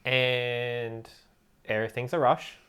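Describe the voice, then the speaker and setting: An Irish woman with a strikingly deep voice, chatting as a podcast co-host. She answers in a dry, matter-of-fact way and teases her friend. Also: little pitch movement, slow, fairly bright tone, clean tone. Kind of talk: casual chat.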